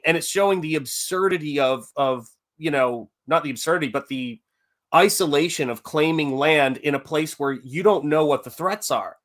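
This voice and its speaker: A man's voice: on the high side, moderate pace, fairly bright tone. A man talking casually as host about Westerns, rambling and correcting himself as he goes. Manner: rambling, self-correcting, enthusiastic fan talk. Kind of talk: casual chat about movies.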